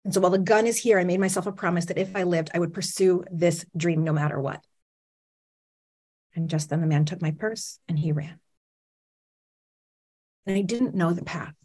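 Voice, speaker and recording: A woman's voice: on the low side, moderate pace, pauses often, warm tone. A woman in her forties, a motivational speaker, telling a personal story on stage with dramatic pacing and questions to the audience.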